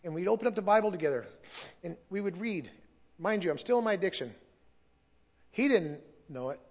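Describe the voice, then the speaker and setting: Middle-aged guy telling his testimony at church, emotional, kinda high voice, muffled lo-fi sound. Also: expressive, fairly quick, a little mellow, slightly rough. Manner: earnest and emotional, sometimes loses his place. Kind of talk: personal testimony at a church service.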